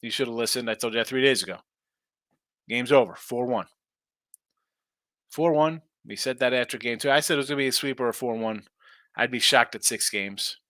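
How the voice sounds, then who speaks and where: Man, sports betting host, brash, sarcastic, bright tense tone, dry close mic. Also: mid-range voice, dry recording. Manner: brash, fast-talking, sarcastic. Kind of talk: casual live-stream talk, reading chat.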